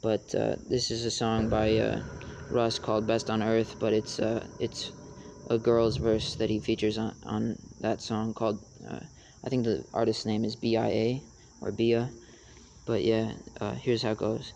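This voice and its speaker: A young man explaining rap rhyme schemes in a casual tutorial, halting with many fillers. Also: on the low side, completely flat delivery, creaky, background noise. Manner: halting, many fillers, raps lines to demonstrate.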